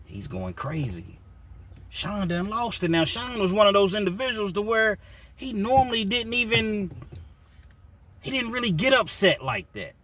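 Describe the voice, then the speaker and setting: A man's voice: high-pitched, big pitch swings, moderate pace, a bit bright, far from the mic, slight background noise. Man telling a prison story casually. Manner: loose, rambling, fillers like "you know, man". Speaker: storyteller recounting prison life.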